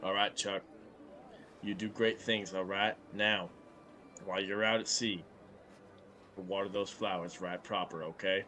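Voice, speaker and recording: A man's voice: low voice, level tone, measured pace, pauses often, sharp tone, slight background noise. A man playing a pompous male governor in a tabletop game, speaking in a grand, folksy drawl. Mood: grandiose.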